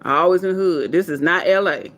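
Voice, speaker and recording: A woman's voice: fairly low pitch, a little fast, fairly bright tone. A woman hosting a casual livestream, talking bluntly and with irritation and plenty of cursing. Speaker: livestream host.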